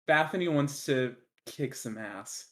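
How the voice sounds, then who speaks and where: A tabletop player describes a character slowly, pausing often and filling gaps with ums and likes. The voice sits in a middle pitch and takes its time. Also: animated, a bit bright. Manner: hesitant, full of ums and likes. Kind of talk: playing a character in a tabletop game.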